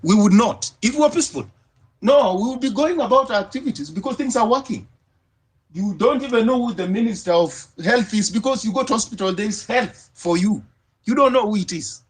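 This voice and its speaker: A man on a discussion panel, arguing forcefully with repeated rhetorical questions. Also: high voice, expressive, fairly quick, slightly rough. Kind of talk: impassioned debate argument.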